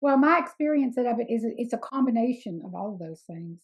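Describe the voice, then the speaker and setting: A woman's voice: a little high, lively intonation, fairly quick, poor audio. A middle-aged woman, telling folksy stories in a chatty, emphatic way as an interview guest. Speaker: sanctuary founder, interview guest. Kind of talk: casual storytelling interview.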